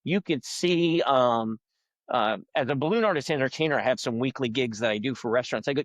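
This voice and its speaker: A man's voice: medium pitch, fairly quick, no room sound. A middle-aged man, telling stories in a casual podcast interview and acting out the people he quotes. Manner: rambling, animated storyteller who acts out quoted people in a raised voice. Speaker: guest comedian and balloon artist.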